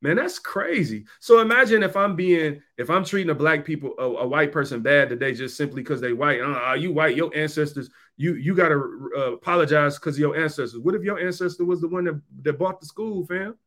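A podcast host speaks straight to his listeners in an emphatic, slangy monologue, repeating points for stress. His voice is fairly high and a bit bright, and he talks a little fast with hardly any pauses.

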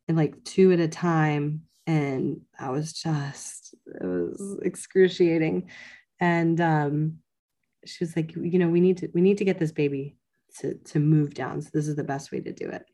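Woman in her 30s, low voice, chatty storytelling full of "like"s. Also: darkish tone. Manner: conversational, many "like" fillers, quotes others in her story. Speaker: podcast guest. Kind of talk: casual storytelling.

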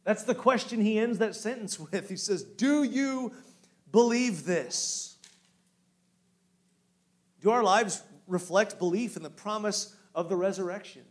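A man preaching a sermon who moves from hushed storytelling to loud, rising exhortation and asks the congregation direct questions. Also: sits high, moderate pace, hardly any pauses. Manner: guides listeners with direct questions. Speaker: pastor.

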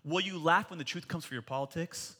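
A man in his forties preaching a sermon in church, animated and jokey, rising to loud emphatic peaks. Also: fairly high pitch, a little fast. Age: 40s. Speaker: pastor.

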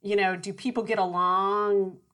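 A middle-aged woman co-hosting a casual chat, telling stories in a chatty, animated way and laughing often. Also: medium pitch, a little slow. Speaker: podcast co-host.

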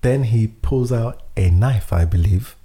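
A young man, telling a story in casual podcast chat, lively, laughing often and swearing freely. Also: fairly low pitch, measured pace. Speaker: podcast co-host.

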